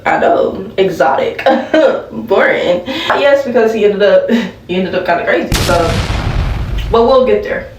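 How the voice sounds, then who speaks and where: A woman's voice: medium pitch, unhurried, reverberant, recorded from a distance, background noise. A young woman vlogger chatting casually through a storytime while doing her makeup, laughing and talking to viewers as y'all. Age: young adult.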